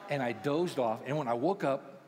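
Joking sixty-something pastor in a reverberant church. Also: male voice, medium pitch, moderate pace, darkish tone, a little hiss or hum. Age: 60s. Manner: humorous, self-deprecating storytelling to a congregation. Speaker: pastoral care minister. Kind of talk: sermon. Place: large church auditorium. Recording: long church hall reverb.

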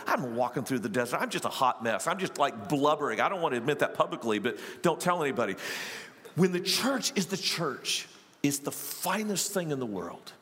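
A male pastor delivers a storytelling sermon in a high voice that leaps up and down with feeling. He talks in animated bursts and quick asides, and a long hall reverb trails after his words.

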